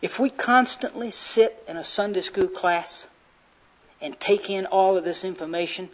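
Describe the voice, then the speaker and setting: A man preaching a sermon in a fervent, folksy storytelling way. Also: sits high. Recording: slightly muffled recording.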